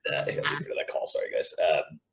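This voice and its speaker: A man being interviewed as a guest, telling backstage stories in a casual way, acting out what others said and chuckling often. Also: racing. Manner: animated anecdotes, acts out quoted lines, chuckles often. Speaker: interview guest, former wrestler. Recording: dull lo-fi audio.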